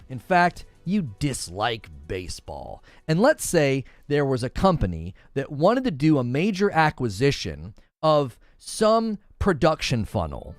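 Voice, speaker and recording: A man's voice: a little high, dry recording. A man hosting a talk show, giving argumentative and sarcastic commentary and laughing at his own points. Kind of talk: opinionated commentary.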